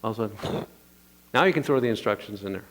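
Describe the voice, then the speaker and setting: A man preaching a sermon as pastor, playful and animated, calling on the congregation to answer back. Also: on the low side, fast talker.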